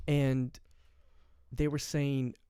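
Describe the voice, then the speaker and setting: A young man from Canada telling a story in casual podcast chat, rambling with many fillers and animated quoting. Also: mid-range voice, drawn-out words, clean tone, no room sound, clean studio sound. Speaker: podcast host.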